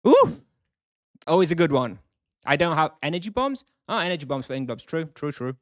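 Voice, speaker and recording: A man's voice: a little high, lively intonation, fast talker, no room sound, studio quality. A man live-streaming a video game, thinking aloud, chatting casually and answering questions from chat.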